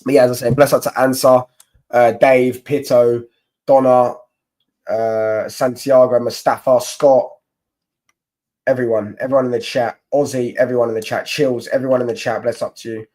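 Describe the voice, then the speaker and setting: A man's voice: mid-range voice, moderate pace, low-quality recording. Slangy young streamer, man. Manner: slangy, excitable, shouts out viewers. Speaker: football livestream host. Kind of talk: casual livestream chat.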